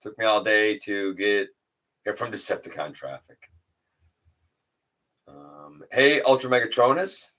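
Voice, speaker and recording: Deep, bright-toned man hosting a livestream. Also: measured pace, long pauses. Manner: chatty, greets viewers by name, reads chat aloud; rambling with fillers and restarts. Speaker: livestream host. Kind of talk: casual livestream chat.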